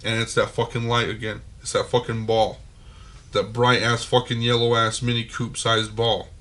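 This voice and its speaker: A man's voice: mid-range voice, normal speed. Swearing, rambling man. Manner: profane, animated storytelling with many fillers. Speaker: podcast host. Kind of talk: casual storytelling.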